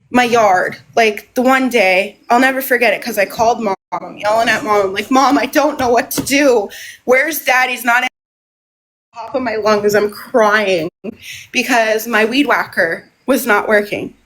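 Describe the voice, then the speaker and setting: Woman live-streamer, slightly high voice, rambling and emotional, repeating herself. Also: a bit bright, slight background noise, rough recording. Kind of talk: casual live stream monologue.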